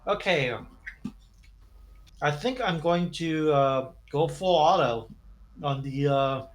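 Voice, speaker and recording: A man's voice: fairly high pitch, slow pace, poor audio. Hesitant man thinking aloud at a game table. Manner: thinks aloud, hesitant and searching as he picks his moves. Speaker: player.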